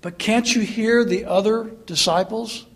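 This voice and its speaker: A man's voice: high voice, steady tone, measured pace. A male pastor preaching a sermon in a conversational, earnest way with mocking asides.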